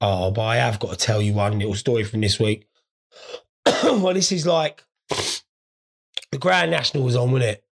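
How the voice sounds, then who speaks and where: A man's voice: medium pitch, normal speed, vocal fry, pauses often. A stoned man hosting a podcast, telling crude, sweary, rambling stories in a casual monologue. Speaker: podcast host.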